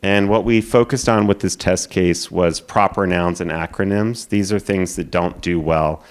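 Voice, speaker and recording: Low-voiced man presenting casually. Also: steady tone, normal speed, clean tone. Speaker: conference presenter. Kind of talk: presentation talk.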